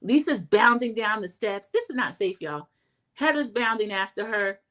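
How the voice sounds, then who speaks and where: A middle-aged woman, chatting through a casual TV recap and acting out quotes in a high voice. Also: expressive, normal speed, bright, forceful tone. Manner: chatty, acts out quotes in a high voice, says "y'all". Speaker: recap host.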